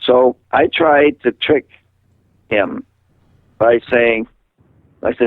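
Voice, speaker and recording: A man's voice: medium pitch, takes it slowly, pauses often, dry recording. An older man from Massachusetts talks over a tinny, dry phone line, voice squeezed thin by the call. He rambles through stories and slips into the voices of the people he quotes. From Massachusetts, USA. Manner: animated storyteller who acts out quoted voices. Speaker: interviewee, musician. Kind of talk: rambling storytelling in a phone interview.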